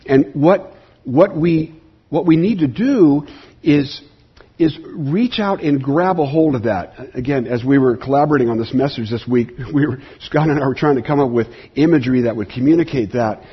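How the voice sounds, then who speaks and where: A man's voice: medium pitch, moderate pace, slightly rough, lo-fi sound. A man pastor delivering a sermon, telling stories earnestly with frequent restarts.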